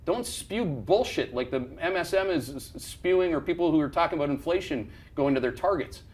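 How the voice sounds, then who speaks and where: Slight background noise accompanies a man with a fairly high voice who hosts a market commentary show as an investment firm's CEO. Animated and brisk, he rants bluntly and heatedly over charts, swearing and restarting sentences repeatedly.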